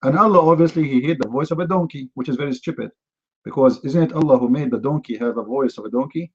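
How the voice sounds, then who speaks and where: In this heated livestream commentary, a fast-talking man with a medium-pitched, slightly rough voice hosts an online debate. He uses non-native English with fillers and repeats and throws out sneering rhetorical questions, all on lo-fi sound.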